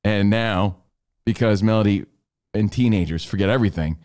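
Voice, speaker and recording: A middle-aged man, a podcast co-host, telling a comedic story in an animated way, acting out scenes with shouts and voices. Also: fairly low pitch, moderate pace.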